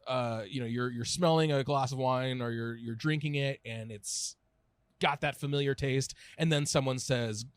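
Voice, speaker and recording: Male podcast guest, 30s, casual rambler, mid-pitched, dead dry sound. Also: steady tone, clear, resonant tone, no echo. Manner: rambling with many restarts and fillers, quick laughs. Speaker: podcast guest, food writer and editor. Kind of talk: casual conversational chat.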